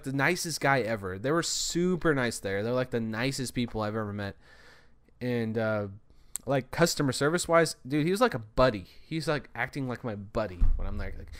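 A man's voice: medium pitch, smooth. Rambling tired young man podcasting. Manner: rambling, long-winded, breathless. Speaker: podcast host. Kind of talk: casual solo storytelling.

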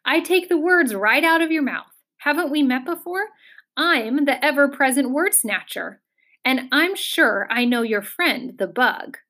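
A shrill, cackling bird with a grubby, mischievous edge, as a woman reads him out in a storybook. He quibbles and snatches every word with gleeful malice. The voice sits fairly high and pushes forward, loud and pointed. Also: animated, unhurried, heavily acted. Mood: quibbling, gleeful. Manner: quibbling, punning, interrupting. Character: filthy cackling male bird, mischievous nuisance. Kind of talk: audiobook character voice.

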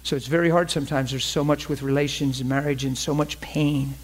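A man's voice: a little high, little pitch movement, fairly quick, slightly rough. A middle-aged man preaching a sermon in a conversational way, acting out quotes from his own story.

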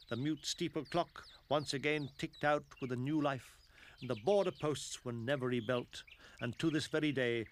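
A man reading scripted narration for a film in a measured storytelling manner. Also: medium pitch, a little hiss or hum.

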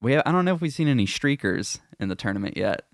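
A man co-hosts a casual podcast, reading out headlines with a dry joking delivery. His pitch moves in a lively way. The sound is close and dry, with no room around it. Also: quick pace, no echo. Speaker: podcast co-host.

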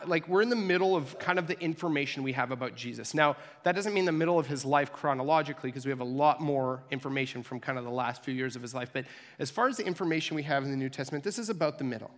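A young man preaching a relaxed, conversational sermon, quick to joke and act out little voices in his stories. His voice sits a bit high for a man. It rings with the long echo of a large hall. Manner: chatty and joking, acts out little voices in stories. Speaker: pastor.

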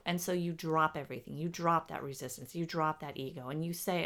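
A woman channeling spiritual teaching, speaking as a collective "we" in a measured, explanatory way. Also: deep voice, fairly even intonation, fairly bright tone.

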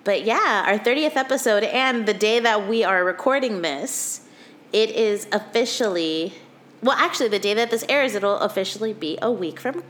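A woman's voice: mid-range voice, animated, normal speed, a bit bright. A woman in her thirties co-hosting a podcast in casual chat, giggly and rambling, with many fillers and restarts. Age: 30s. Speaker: podcast co-host.

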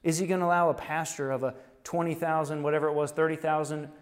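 A pastor with a slightly high voice delivers a sermon in a big room with a long reverb tail. He preaches conversationally, firing off rhetorical questions and chuckling at his own points. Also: level tone, quick pace.

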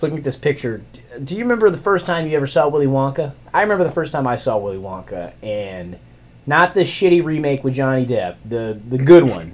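A young man co-hosting a casual podcast, telling stories in an animated, profane, rambling way with big exaggerated groans. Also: mid-range voice. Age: young adult. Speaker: podcast co-host. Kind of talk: casual chat.

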